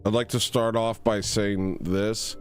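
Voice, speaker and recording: A man with a fairly low voice rambles through a comedic livestream, slow and drawn-out. He clowns and mocks himself, breaking into sudden high squeals. Clear music plays behind him. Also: flat delivery. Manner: silly, self-mocking, with sudden high squeals and laughs. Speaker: livestream host.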